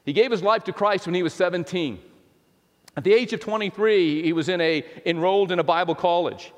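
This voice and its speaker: A high-pitched male pastor preaches in a church sanctuary, keeping it chatty and often restarting his sentences. His voice rings out with the long reverb of a large hall. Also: a little fast. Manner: conversational preaching with repeated restarts and playful asides. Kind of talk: sermon.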